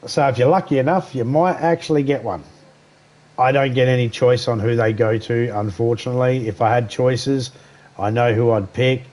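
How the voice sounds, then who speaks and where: A man's voice: mid-range voice, steady tone, moderate pace, darkish tone. Chatty Australian male game streamer. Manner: chatty, greets viewers by name, crude jokes. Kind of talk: casual live-stream chat over gameplay.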